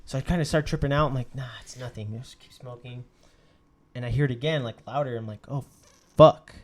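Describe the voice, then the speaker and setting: A man co-hosting a casual podcast, telling a ghost story in an animated way, swearing freely and acting out what people said. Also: mid-range voice, fast talker. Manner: animated, swears a lot, acts out quotes. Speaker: podcast co-host.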